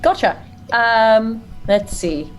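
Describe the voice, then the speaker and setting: Slow-talking woman at a game table. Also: fairly high pitch, slight background noise. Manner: casual, unhurried chat. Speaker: player.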